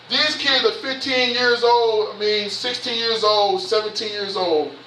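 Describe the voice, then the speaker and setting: Fervent Southern preacher in his fifties, very high, bright voice, echoey sanctuary. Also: takes it slowly, slight background noise. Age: 50s. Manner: impassioned, repetitive preaching with rhetorical questions. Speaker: bishop. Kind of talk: sermon. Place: church sanctuary. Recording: echoey church from far off.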